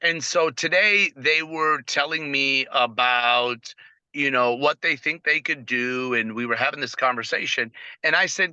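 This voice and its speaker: A man's voice: on the high side, animated, normal speed, sharp tone, clear, resonant tone, no echo, poor audio. A middle-aged man leading a team training on a video call, telling stories with energy and acting out the dialogue. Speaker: network marketing team trainer.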